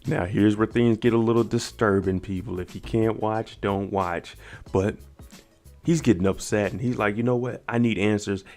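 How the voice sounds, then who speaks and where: A man's voice: on the low side, a little mellow. A man giving a casual, slangy recap of a TV episode and reacting to each scene as he goes. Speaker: TV recap vlogger.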